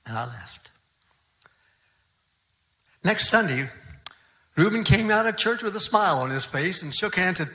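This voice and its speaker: Bright-voiced older pastor telling a story. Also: male voice, fairly high pitch. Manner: folksy, conversational storytelling. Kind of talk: sermon storytelling.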